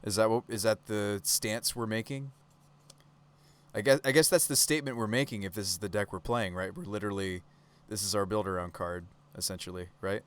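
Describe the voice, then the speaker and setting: A man's voice: on the low side, brisk, smooth. A man streaming a card game live, giving casual, chatty commentary and tossing questions to his chat.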